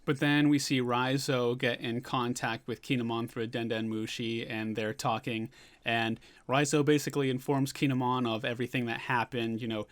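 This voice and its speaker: A man talking through a manga chapter in an easygoing, rambling recap. He paraphrases scenes loosely and keeps the flow going with a mid-range voice that is neither high nor low. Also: fairly even intonation, moderate pace. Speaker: manga reviewer.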